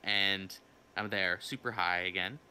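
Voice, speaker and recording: A young man hosts a laid-back podcast, rambling through an old story full of restarts and swearing. His voice is low-set but very bright and edgy. A faint hiss of noise sits behind him. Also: fairly even intonation, a little slow. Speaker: podcast host. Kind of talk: casual storytelling chat.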